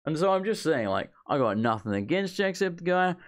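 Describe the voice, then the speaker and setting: A man's voice: fairly high pitch, very animated, a little fast. A man giving casual gameplay commentary, ranting and swearing freely. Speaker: let's play gamer.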